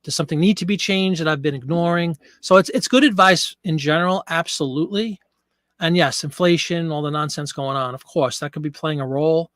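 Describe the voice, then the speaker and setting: A man's voice: fairly high pitch, brisk, a bit bright, no echo, clean studio sound. A man hosting a casual live stream, chatting with viewers and a bit out of breath. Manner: chatty, reads viewer comments. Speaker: livestream host.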